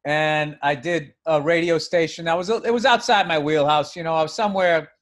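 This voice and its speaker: Blunt, profane man with a high voice. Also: normal speed, a bit bright. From US East Coast. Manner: blunt, profane, self-mocking. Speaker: podcast co-host. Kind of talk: casual storytelling chat.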